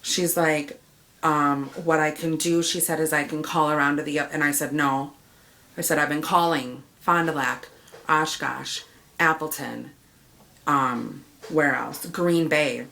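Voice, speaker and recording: A woman with a bright, forceful voice recounts a shopping mishap in a casual, exasperated storytelling rant. She slips into quoting herself and the staff, and her pitch sits a touch on the low side for a woman. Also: fairly even intonation, a little slow, gravelly. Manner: acts out the dialogue, quoting herself and the clerks. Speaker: customer telling a story.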